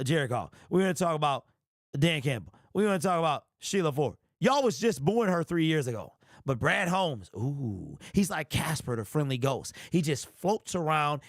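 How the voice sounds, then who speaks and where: Male fan-channel host, fiery livestream rant, bit high-pitched, dry close recording. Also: no echo. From Detroit. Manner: impassioned, ranting, repetitive.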